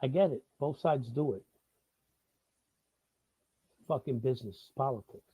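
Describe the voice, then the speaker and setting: A middle-aged man with a New York accent hosts a live monologue. He swears freely and restarts his sentences in heated bursts. His voice is husky, and the sound is thin and phone-like. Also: mid-range voice, a little slow, no room sound. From the Bronx, New York. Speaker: host. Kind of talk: live talk-show monologue.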